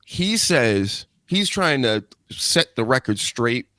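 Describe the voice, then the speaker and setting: A man's voice: mid-range voice, big pitch swings, slow, sharp tone, no room sound, studio quality. A man hosting a live show, chatting loosely and joking, with casual swearing. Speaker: host.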